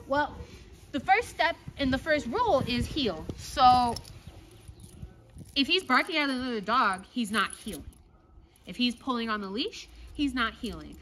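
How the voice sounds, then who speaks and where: A woman with a high voice coaching her dog and talking viewers through each step in a firm, brisk way. She keeps checking in with short tag questions. A faint hiss of outdoor noise sits underneath. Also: fairly bright tone. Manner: talks to viewers while praising and commanding her dog. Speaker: dog trainer. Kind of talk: outdoor training demonstration.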